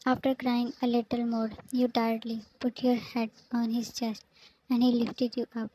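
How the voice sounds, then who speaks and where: Woman narrating fanfic, high, slow, monotone. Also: slight background noise, low-quality recording. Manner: flat, even reading, speaker tags read aloud.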